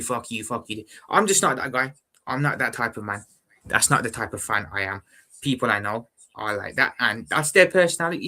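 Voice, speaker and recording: Calm, bright-voiced fan streamer. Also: male voice, fairly low pitch. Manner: calm, measured, repeats himself, calls viewers brother. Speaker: football fan livestream host. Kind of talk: casual live-stream chat reading viewer comments.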